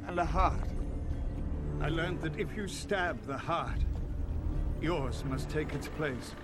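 A wistful older ghost governor. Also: male voice, a little high, over loud music. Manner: slow, gentle, reflective. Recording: film clip under loud score.

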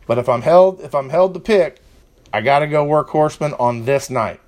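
A man's voice: on the high side, expressive, normal speed, a little mellow. A man hosting a casual wrestling preview podcast, rambling with fillers and turning to a heated rant. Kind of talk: casual chat.

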